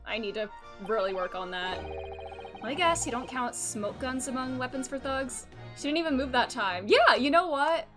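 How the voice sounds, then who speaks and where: A young woman casually commenting on a game she is playing, in an excitable manner. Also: high-pitched, moderate pace, over music. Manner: excitable and giggly, lots of restarts. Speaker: streamer.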